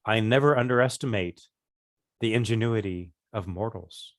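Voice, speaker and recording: A solemn female nature goddess , as a man puts her on, speaking through woodland animals in a tabletop game. She questions slowly and gravely in a low, dry voice. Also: dry recording, natural voice. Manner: slow, grave, measured questioning.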